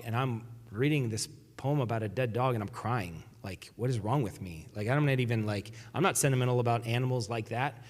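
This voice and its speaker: A man's voice: fairly low pitch, darkish tone, long reverb tail. A man preaching a sermon as a pastor, talking in a conversational way and often restarting his sentences. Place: church sanctuary.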